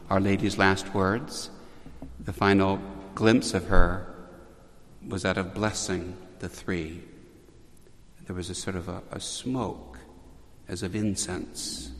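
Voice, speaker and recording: A man preaches a storytelling sermon in a slow, deliberate cadence, his voice sitting on the low side. He breaks off now and then for dry asides. A long reverb rings out behind him, like a large church. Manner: slow, measured, with wry asides.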